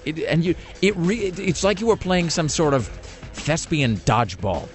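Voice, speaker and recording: A man's voice: fairly high pitch, very animated, moderate pace, faint music behind. Rambling, self-mocking male radio host. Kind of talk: casual storytelling chat.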